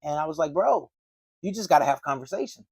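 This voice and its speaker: A man's voice: a little high, animated, quick pace, a little mellow, slightly rough, no echo. A man giving door-to-door sales training in a casual, slangy way, acting out doorstep chats. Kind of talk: animated sales training talk.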